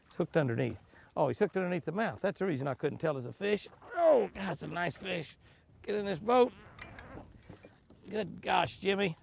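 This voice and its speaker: A man's voice: high-pitched, lively intonation, normal speed, vocal fry. A man hosting a fishing show from a boat on a lake, exclaiming over each catch, chuckling, and talking to himself. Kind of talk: excited fishing commentary.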